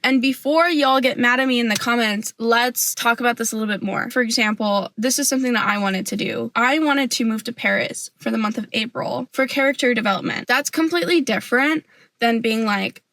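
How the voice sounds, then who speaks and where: Young woman, sassy rant, animated, filler-heavy, fairly high voice, dry close sound. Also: normal speed, no echo. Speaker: vlogger. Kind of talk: casual opinion rant to camera.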